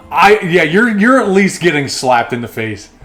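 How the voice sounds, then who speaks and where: A man's voice: fairly high pitch, sing-song, a little slow, a bit bright. A man hosting a podcast, laughing often and swearing freely in casual chat. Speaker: podcast host. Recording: faint music behind. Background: faint music.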